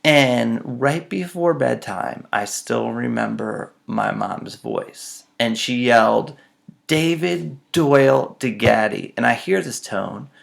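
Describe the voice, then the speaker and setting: A man's voice: mid-range voice, slow, vocal fry, hardly any pauses, a bit bright. A man telling self-mocking personal stories in a casual, dramatic way. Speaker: storyteller.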